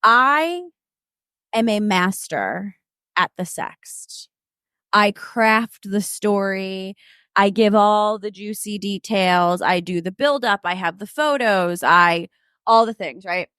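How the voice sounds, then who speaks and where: A woman's voice: medium pitch, takes it slowly, bright, forceful tone, clear, resonant tone, dry recording. Frank, self-assured woman, dry sound. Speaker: podcast co-host. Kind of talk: casual chat.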